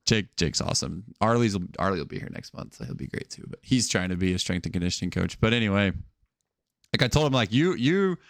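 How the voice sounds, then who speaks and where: A man in his thirties with a somewhat low voice, talking casually on a podcast. He rambles through stories, filling them with "like" and quoting people. The sound is dry and close, with no room around it. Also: lively intonation, fast, gravelly, fairly bright tone, no room sound. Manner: rambling, storytelling with acted quotes and frequent "like". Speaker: podcast co-host. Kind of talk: casual chat.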